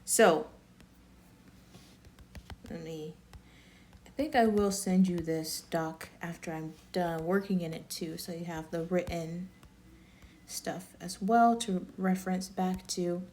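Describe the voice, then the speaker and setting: A woman's voice: lowish voice, slow pace, long pauses, a little mellow, a little hiss or hum. A woman giving a casual online language lesson, chatty and rambling, often correcting herself and laughing. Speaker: Korean language teacher.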